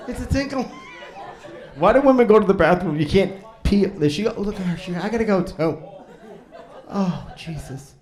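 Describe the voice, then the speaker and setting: A man's voice: sits high, a little fast. A man from New England doing a stand-up comedy set on a club stage, riffing with the audience. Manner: animated, jokey, riffing with the crowd.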